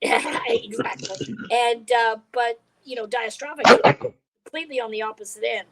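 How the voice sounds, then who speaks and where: A woman comedian telling a story in a casual interview, animated and acting out other people's lines. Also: fairly high pitch, fairly quick, a crowd in the background, poor audio. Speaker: comedian guest. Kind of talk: conversational storytelling.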